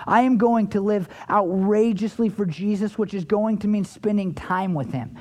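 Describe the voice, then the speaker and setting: A man's voice: moderate pace, few pauses, darkish tone. Earnest man preaching a sermon. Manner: earnest, repetitive, swings pitch for emphasis. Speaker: pastor.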